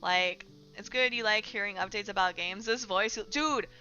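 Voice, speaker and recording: A young woman talks to her stream chat in a bright, lively voice, swearing freely as she rants. She talks straight to her viewers. The audio is a bit dull, with faint music playing behind her. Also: normal speed. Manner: profane, ranting, talks to chat, mocks gamers in silly high voices. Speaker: streamer discussing game news. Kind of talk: casual livestream chat.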